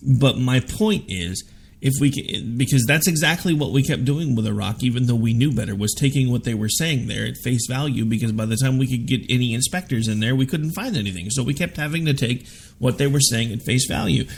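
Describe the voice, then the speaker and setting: Gravelly opinionated talk radio man. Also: medium pitch, a little fast. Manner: forceful, opinionated, argumentative. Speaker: radio talk show host. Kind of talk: political debate on talk radio.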